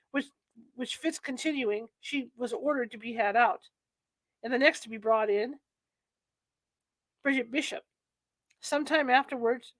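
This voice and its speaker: A woman with a slightly high voice reads from a history book, halting and correcting herself as she works through archaic phrasing. The sound is dry and close, with almost no room in it. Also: fairly bright tone, dry recording. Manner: halting, stumbles and restarts over old-fashioned wording. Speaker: reader. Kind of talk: reading aloud from a history book.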